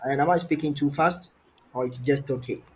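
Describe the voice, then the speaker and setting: A man's voice: fairly high pitch, normal speed, darkish tone, slightly rough. Encouraging man tutoring on a call. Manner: encouraging, repeats phrases, asks many questions. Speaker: English tutor. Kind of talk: online trial lesson. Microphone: video call.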